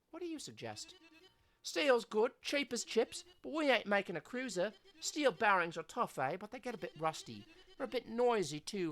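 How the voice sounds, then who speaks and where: A woman voicing a brash, cheerful young female skater with an Australian accent, talking in loud, slangy banter. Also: a little high, pitched above the performer's own voice.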